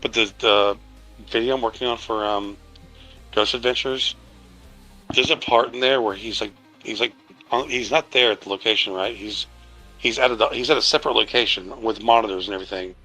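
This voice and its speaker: Bright-voiced rambling livestream guy. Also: fairly low pitch, fairly even intonation, brisk, faint music behind, rough recording. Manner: rambling, laughing, swears freely. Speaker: video creator and co-host. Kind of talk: casual livestream chat.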